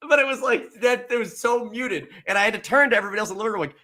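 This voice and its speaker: A man with a high, ringing voice tells a story on a podcast, animated and quick to laugh. He acts out other people's lines as he goes, in a loose, casual chat. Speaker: podcast co-host.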